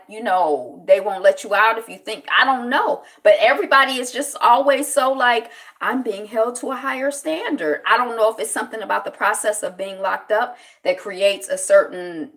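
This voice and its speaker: A woman's voice: medium pitch, fairly bright tone. Woman host, casual solo commentary, rambling, reflective, lots of fillers. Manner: greets live chat viewers by name. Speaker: show host.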